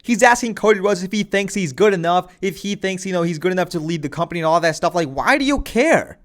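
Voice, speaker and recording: A man's voice: sits high, animated, quick pace, fairly bright tone. A man giving casual wrestling commentary, rambling with lots of filler phrases.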